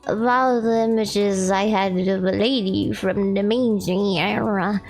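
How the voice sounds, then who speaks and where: A woman's voice: mid-range voice, fairly even intonation, measured pace, darkish tone, soft background music. A woman streamer chatting with her viewers and reading a visual novel aloud, giggly and chatty with lots of "like" fillers.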